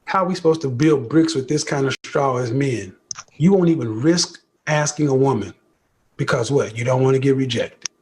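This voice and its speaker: A man's voice: mid-range voice, moderate pace. A man hosting a dating advice show, bluntly scolding a caller with rhetorical questions. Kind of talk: confrontational advice talk.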